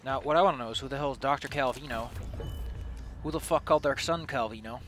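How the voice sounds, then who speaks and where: A man's voice: mid-range voice, fast talker, fairly bright tone, soft background music. A young man streaming a video game, rambling in sarcastic, casual commentary that is full of swearing. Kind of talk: casual let's-play commentary.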